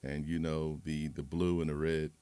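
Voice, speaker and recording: A man's voice: very deep voice, level tone, normal speed, dark tone, smooth, no room sound. A man hosting a livestream, rambling and moralizing in a casual monologue with many restarts. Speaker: livestream host.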